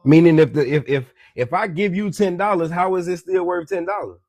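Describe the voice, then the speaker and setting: Money is the topic of this casual, preachy, profane monologue from a social media commentator who keeps calling listeners "beloved" and asking "you dig me." His voice sits high, brisk and a little mellow, recorded clean in a studio without echo.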